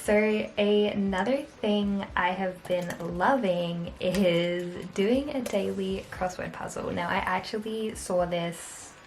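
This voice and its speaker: A woman's voice: mid-range voice, fairly even intonation, slow pace, hardly any pauses. A young Australian woman vlogging in a casual, chatty, self-deprecating way, laughing often. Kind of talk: casual chat to camera.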